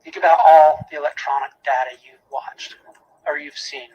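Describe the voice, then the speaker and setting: A man's voice: on the high side, flat delivery, normal speed, a little mellow, muffled recording. A man giving a prosecutor's closing argument in a courtroom, emphatic, repeating key phrases and asking rhetorical questions.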